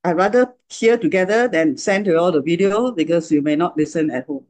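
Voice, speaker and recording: A pastor speaking plainly and haltingly to a class before playing a video. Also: medium pitch, darkish tone. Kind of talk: casual talk to a congregation.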